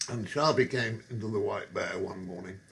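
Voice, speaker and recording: A man's voice: fairly low pitch, moderate pace, creaky, fairly bright tone, slight background noise. A man telling rambling, wry pub anecdotes with chuckles and digressions. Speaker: storyteller.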